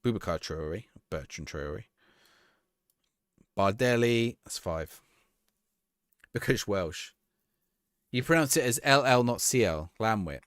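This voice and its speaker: Young man, live game streamer, lively pitch, dry close sound, rambling chat. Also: takes it slowly, pauses often, clear, resonant tone, dry recording. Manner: chatty, rambling, laughs easily. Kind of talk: casual gameplay commentary, reading chat.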